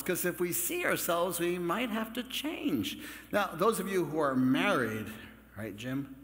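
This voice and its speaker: A man preaching a Catholic sermon in a relaxed, conversational way, with joking asides to the congregation. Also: medium pitch. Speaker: Catholic priest. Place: large church. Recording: long church reverb.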